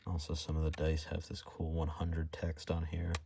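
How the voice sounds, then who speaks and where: A young man talking casually while opening trading card packs, in a monotone voice that stalls and restarts often. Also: a bass voice, normal speed, background noise. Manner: monotone, hesitant with many restarts. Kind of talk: casual unboxing vlog.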